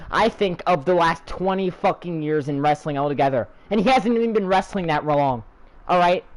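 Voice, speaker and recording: A man's voice: high-pitched, poor audio. A young man delivering an angry, profane, sarcastic rant as a channel host.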